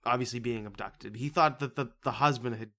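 Talking a little fast in a medium-pitched voice, a male podcast co-host excitedly recounts a film's storyline in casual conversation, frequently cracking up.

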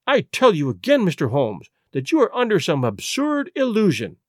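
A man's voice: high voice, huge pitch swings, normal speed, no echo, clean studio sound, heavily acted. A man reading an audiobook, voicing a distraught, proud young aristocratic wife in an imploring, emotional way. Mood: defiant.

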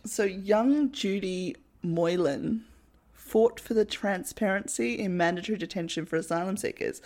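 Australian woman, podcast co-host, lively pitch, sarcastic and sweary. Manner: sarcastic, swearing, quick jokes. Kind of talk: casual chat.

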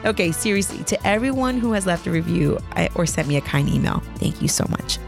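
A woman's voice: on the low side, lively intonation, fairly quick, gravelly, over music. A woman in her thirties hosting a podcast from home, telling a story in a chatty, laughing, self-deprecating way. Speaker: podcast host. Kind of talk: casual storytelling. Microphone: podcast microphone.

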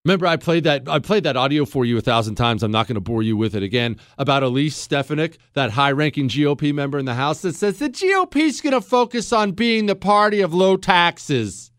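A male radio talk show host speaks emphatically and jokes at his own expense. His voice is high and swings widely in pitch. The studio sound is dry and close. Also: lively intonation, brisk, few pauses, a bit bright, dry recording. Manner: emphatic, self-deprecating humor, frequent restarts. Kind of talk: animated storytelling and political commentary.

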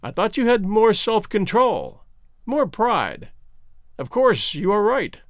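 A male narrator playing a cynical rich schemer, blunt and self-assured. his voice rides fairly high and moves a lot. the recording is dry and close. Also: wildly swooping pitch, takes it slowly, dry recording, exaggerated voice.

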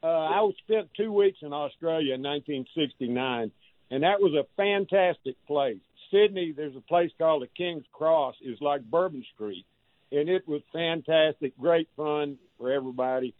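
An older man in his seventies phoning into a talk radio show, plainspoken and steady as he reminisces. His voice is fairly high and comes over a thin, tinny phone line. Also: normal speed, dry recording. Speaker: caller.

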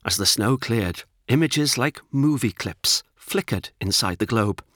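A man narrates a children's storybook with an expressive, animated read. His voice rises and falls freely and sounds bright and forward, recorded close and dry. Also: mid-range voice, measured pace, no room sound. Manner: expressive, lively reading.

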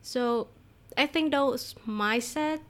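Woman, Vietnamese accent, native Vietnamese speaker, fairly high voice, chatty and laughing, podcast guest. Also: slow pace, fairly bright tone. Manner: chatty, laughs often, restarts phrases. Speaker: Vietnamese language teacher, guest. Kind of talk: conversational podcast interview.

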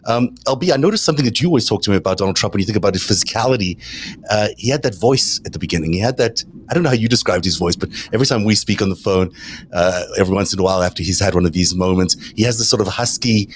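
A man's voice: lowish voice, rapid-fire, slight background noise. A male host leading a political panel discussion, rambling and restarting his sentences.

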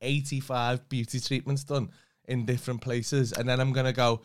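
A man co-hosting a casual comedy podcast, venting with exasperation. He swears freely and his complaints build into a rant. His pitch sits mid-range for a man. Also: little pitch movement, moderate pace, clean tone. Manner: exasperated ranting, swears a lot. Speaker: podcast co-host. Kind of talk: casual chat.

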